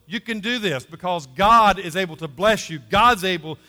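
A man's voice: sits high, moderate pace, bright, forceful tone, in a large hall. A man preaching a sermon as pastor, emphatic and repeating key phrases, calling for responses from the congregation.

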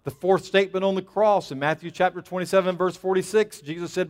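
A man's voice: high-pitched, fairly even intonation, quick pace, hardly any pauses. A man preaching a sermon, emphatic and plainspoken, dropping asides to the congregation. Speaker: pastor.

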